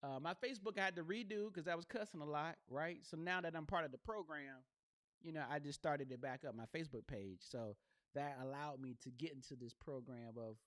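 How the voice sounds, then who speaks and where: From a home studio lit by a box light, a podcast host talks into a gaming headset in his casual solo show. His voice is fairly high and a bit bright, and he rambles in slang, often asking "you know what I mean?".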